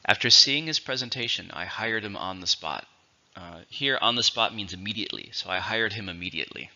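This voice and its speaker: A man teaching English vocabulary, explaining words slowly and repeating each one. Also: lowish voice, pushed and bright, highs cut off. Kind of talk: vocabulary lesson.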